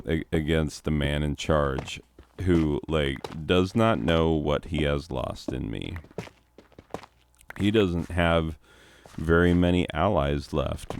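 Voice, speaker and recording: A man's voice: extremely low pitch, a little mellow, slight background noise. A man, a teacher, chatting casually and rambling sarcastically while he plays a game, chuckling now and then.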